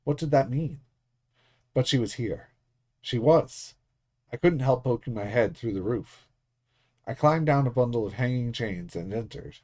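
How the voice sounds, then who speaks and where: A man's voice: mid-range voice, a little slow, pauses often. A man streaming himself reading a visual novel aloud, narrating in first person. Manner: steady storytelling read-aloud.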